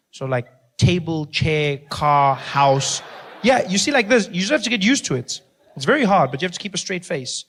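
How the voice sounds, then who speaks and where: A man with a South African accent doing stand-up, telling animated stories and acting out the people in them. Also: fairly high pitch. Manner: animated storytelling with acted-out voices and laughter. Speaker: stand-up comedian. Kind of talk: stand-up comedy.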